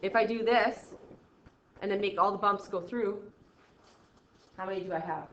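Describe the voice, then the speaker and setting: Recorded in a slightly dull, roomy classroom with a little hiss or hum, this math lesson features a woman teacher speaking at normal speed in a mid-range voice. She keeps it chatty, checking in with "okay?" often and mimicking student responses.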